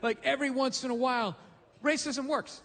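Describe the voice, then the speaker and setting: A man doing a stand-up comedy rant, loud and profane, acting out voices as he goes. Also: very high-pitched, fairly even intonation, brisk, very noisy. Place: live comedy venue. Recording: reverberant live venue with faint ambience.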